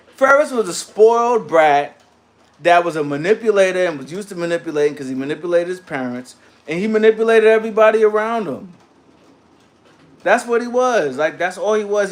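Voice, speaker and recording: A man with a slightly high voice hosts a loose livestream and answers his chat as he goes. He talks in slang, animated and offhand, jumping between topics with plenty of asides. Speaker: livestream host reading chat.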